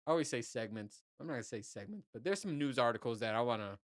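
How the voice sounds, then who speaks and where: A man's voice: medium pitch, animated, quick pace, no echo, studio quality. A man hosting his own podcast, talking in a loose, rambling and profane way. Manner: rambling, profane, laid-back. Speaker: podcast host. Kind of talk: casual solo podcast monologue.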